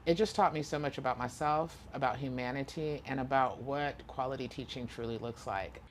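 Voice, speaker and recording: Woman, very low register, reflective guest interviewee, slight background noise. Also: a little fast. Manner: earnest, reflective storytelling. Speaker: guest, author and former teacher. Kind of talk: conversational interview answers.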